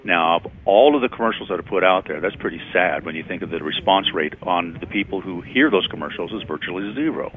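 A man's voice: low voice, lively intonation, fast talker, few pauses, a little hiss or hum. A man speaking as a guest on a radio talk show, telling stories in a conversational way and acting out quoted lines. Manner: conversational storyteller, acts out quotes. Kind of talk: radio interview, anecdotal explaining. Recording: tinny phone-like radio sound.

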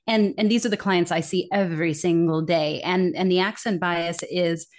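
A woman's voice: lowish voice, steady tone, moderate pace. A woman speaking as an interview guest in an earnest, reflective way, often quoting the complaints she hears. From English-speaking country. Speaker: accent bias consultant, guest. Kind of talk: conversational interview.

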